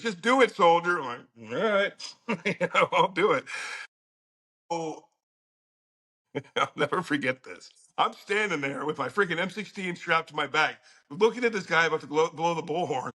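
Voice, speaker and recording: A middle-aged man appears as a podcast guest, telling a story in casual fashion, blunt and profane, with occasional laughter. His voice sits on the high side and has a sharp tone.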